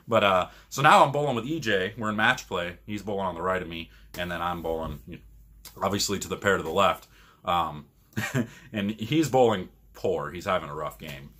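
A man's voice: lowish voice, breathy edge. A man from Michigan, a podcast co-host, rambling through casual stories and laughing often. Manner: rambling, laughs often, animated when retelling arguments. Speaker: podcast co-host and pro bowler. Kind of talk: casual storytelling.

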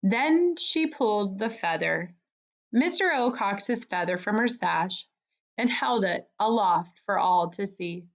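Slow, measured woman reading a storybook. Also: mid-range voice, lively intonation. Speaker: narrator. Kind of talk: storybook read-aloud.

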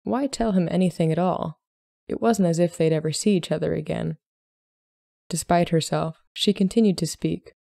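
A woman hosting a podcast, reading a story aloud in a measured storybook narration. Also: on the low side, steady tone, gravelly, warm tone, no echo, studio quality.

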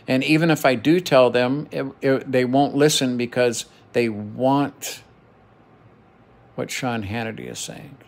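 A man's voice: medium pitch, steady tone, measured pace, gravelly. A middle-aged man venting in an emotional personal monologue to his camera, heated and profane, repeating phrases for emphasis. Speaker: vlogger.

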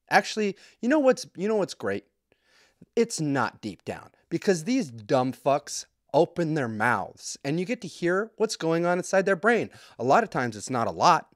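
A man in his thirties hosts a solo podcast, telling stories in a loose, profane, self-mocking chat. His voice is medium-pitched, and the studio-quality recording has no echo.

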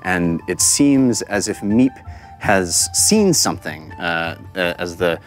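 A woman with a very low, lively voice narrating a tabletop game as game master. She speaks haltingly with fillers, pausing as she sets the scene, and faint music plays behind her.

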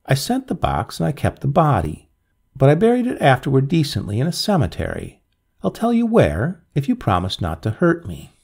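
A man's voice: medium pitch, huge pitch swings, normal speed, gravelly, darkish tone, breathy edge, pitched above the performer's own voice, heavily acted. A man voicing a shrunken, greedy old grave robber who speaks nervously and eagerly. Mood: fearful.

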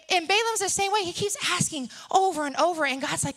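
A woman's voice: very high-pitched, expressive, a little fast, a bit bright. A woman in her thirties preaching a sermon, telling stories and acting out the characters. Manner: storytelling, acts out characters.

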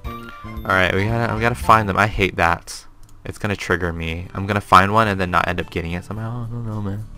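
Bright-voiced gamer rambling along. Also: male voice, sits low, steady tone, brisk, soft background music. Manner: rambling and self-amused, chats to himself. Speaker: gaming channel host. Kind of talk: casual let's-play commentary.

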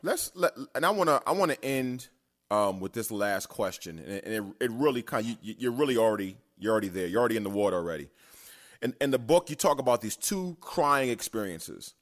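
A man with a fairly low voice hosts a podcast interview. He frames his question haltingly, repeating words as he goes. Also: lively intonation. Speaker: podcast host.

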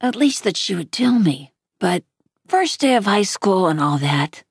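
A loving mother comforts her child in a soft, soothing voice, read aloud by a woman. Her slow delivery carries a gravelly, husky grain. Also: medium pitch, very animated, no room sound, studio quality, heavily acted. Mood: gentle. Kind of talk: reading a novel aloud.

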